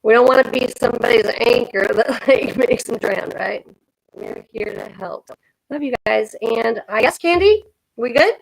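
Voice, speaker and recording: Gravelly, earnest woman livestream host. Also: fairly high pitch, lively intonation, normal speed, rough recording. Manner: earnest, encouraging, repeats herself. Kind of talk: casual supportive chat.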